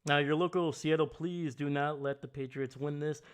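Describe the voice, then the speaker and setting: A man's voice: fairly even intonation, moderate pace, clean tone. A man hosting a casual football livestream, rambling through thoughts and chatting with viewers as he goes. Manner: rambling and chatty, greets chat loudly with pitch jumps. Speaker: livestream host. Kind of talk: casual live sports chat with viewers.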